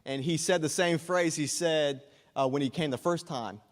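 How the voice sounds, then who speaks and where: A young man with a fairly high voice gives an earnest testimony as a guest speaker in a church sanctuary, speaking at a moderate pace and often restarting his phrases as he tells his story. Long church reverb fills the recording.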